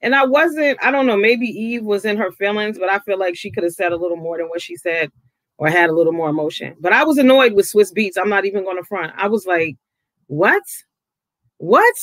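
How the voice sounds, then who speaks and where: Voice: medium pitch, fast, a bit bright, no room sound. Outspoken vlogger with a dry sound. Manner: outspoken, swears freely, voice jumps up when riled. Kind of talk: casual commentary vlog.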